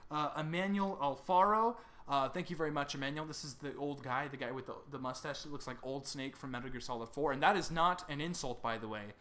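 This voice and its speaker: A young man thanking subscribers one by one in casual chat, reading names haltingly and stumbling over pronunciations. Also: on the high side, a bit bright.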